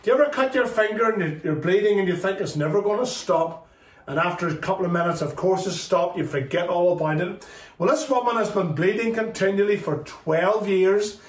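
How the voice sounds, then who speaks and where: A man teaching a children's Sunday school lesson, telling a Bible story and acting out the dialogue as he goes. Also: distant mic. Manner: storytelling, quoting dialogue with lively shifts in pitch. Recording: roomy, from off-mic.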